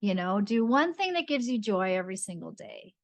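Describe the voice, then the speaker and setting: A woman hosts a podcast interview in a mid-range voice. She affirms her guest warmly and often murmurs agreement. She asks her questions gently. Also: mid-range voice, big pitch swings, a little fast, no room sound. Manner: warm, affirming, frequent soft back-channel "mm-hmm". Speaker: podcast host. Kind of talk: interview hosting.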